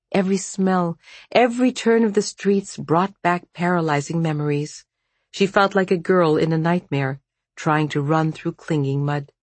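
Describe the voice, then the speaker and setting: An audiobook narrator reading a dark fantasy novel in measured, even storytelling. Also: medium pitch, no room sound. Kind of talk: scripted narration.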